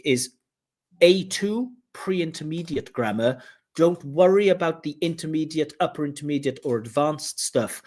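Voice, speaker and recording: A man working as a speaking test examiner, giving a candidate direct, explanatory feedback on his scores. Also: a little high. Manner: direct, explanatory, mimics flat intonation with "duh duh". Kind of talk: giving spoken exam feedback.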